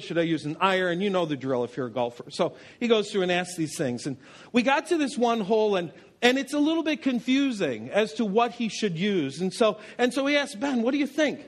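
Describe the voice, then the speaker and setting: A man preaching a sermon as pastor, telling anecdotes with self-deprecating humor in a church. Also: high voice.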